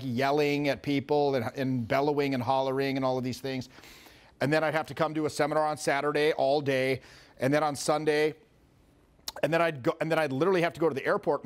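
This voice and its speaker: A man coaching a live seminar audience, talking casually and animatedly and swearing often. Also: fairly high pitch. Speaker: social skills coach.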